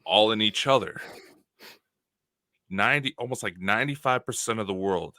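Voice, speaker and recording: A man's voice: on the low side, moderate pace, pushed and bright, no echo, studio quality. A man co-hosting a casual chat show, easygoing and chuckling. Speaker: podcast co-host.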